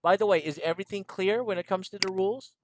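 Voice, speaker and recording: A man's voice: sits high, fast, noisy background. A man teaching a one-on-one English lesson over a video call, patiently repeating instructions and laughing often. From Philippines.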